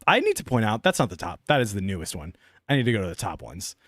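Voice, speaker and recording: A young man chatting casually on a live stream, excitable and laughing often. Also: on the low side, quick pace, no echo, studio quality.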